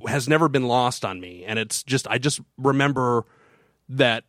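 A man's voice: medium pitch, moderate pace, fairly bright tone, no room sound, clean studio sound. Rambling man telling a story. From Florida. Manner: rambling storyteller, frequent restarts. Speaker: podcast co-host. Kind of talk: casual podcast chat.

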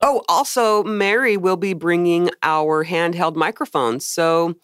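A podcast co-host chats casually, handing out announcements between wry, matter-of-fact jokes. The voice sits at a middle pitch. The recording is dry and close. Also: measured pace, fairly bright tone, clean tone, dry recording.

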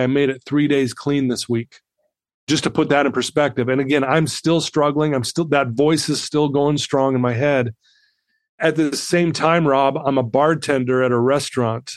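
A man's voice: medium pitch, no echo, clean studio sound. A middle-aged man telling a personal story as a podcast guest, earnest and heartfelt, often restarting his sentences.

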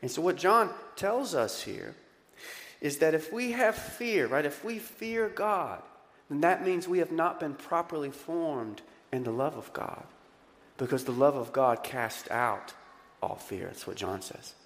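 A male pastor preaching a lively, conversational sermon and often putting questions to the congregation. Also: a little high, unhurried, long reverb tail. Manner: animated, conversational, asks the crowd questions.

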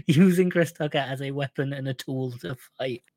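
A man's voice: mid-range voice, moderate pace, a little mellow, no room sound. A man co-hosting a film podcast who talks with enthusiasm and laughs often. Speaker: podcast co-host. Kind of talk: casual film review chat.

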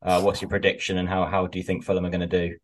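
Deep, fast-talking male host. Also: monotone. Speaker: podcast host. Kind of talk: casual interview chat.

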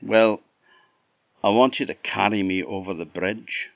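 Bashful Scottish young fool, put on by a male storyteller; hesitant, folksy, a bit loud. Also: fairly low pitch, a little slow, vocal fry, dry recording, highs cut off. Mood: sheepish. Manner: sheepish, hesitant, folksy dialect.

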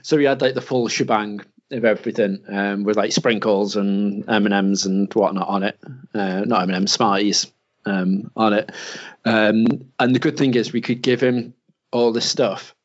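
A British man in casual chat, telling an animated story and mimicking people in a higher voice. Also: moderate pace. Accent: British English. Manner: animated, acts out quotes in a higher voice. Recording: slightly dull lo-fi sound.

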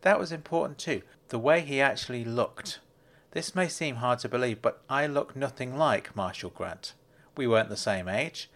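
A man reading a first-person story aloud in a reflective, even way. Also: mid-range voice, normal speed. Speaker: narrator. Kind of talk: first-person audiobook narration.

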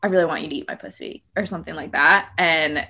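A woman guest, a comedian, telling animated stories on a podcast and laughing often. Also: sits low, fast, breathy edge. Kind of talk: casual chat.

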